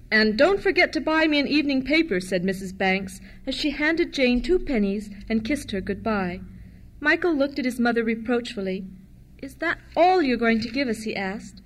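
A woman reading a storybook aloud for children. She tells it gently and expressively, in a fairly high voice. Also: slight background noise.

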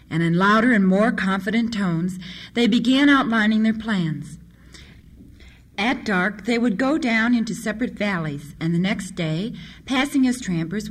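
A woman reading an adventure story aloud in a steady, measured manner. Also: medium pitch. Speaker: narrator.

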